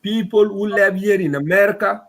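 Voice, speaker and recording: Addressing his community, this South Sudanese man speaks at a moderate pace in a voice that sits high. He is upset and forceful, going over the same points again and again.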